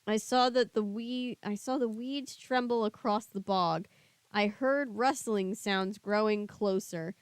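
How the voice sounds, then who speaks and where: A young woman with a Southern US accent reads a children's book aloud on a stream, then stops to chat casually with viewers. Her voice sits at medium pitch with a measured pace and a clean tone, recorded dry.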